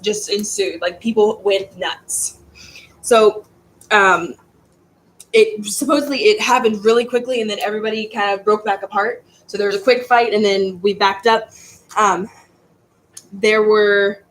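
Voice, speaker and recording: A woman's voice: medium pitch, a bit bright, rough recording. A woman teaching a history class in a casual, rambling way, stumbling over words and restarting.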